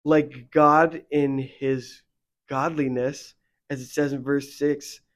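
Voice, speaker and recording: Taking his time, the young co-host of the faith podcast speaks in a mid-range voice. He's casual and rambling, full of fillers, and becomes animated and heated when he vents.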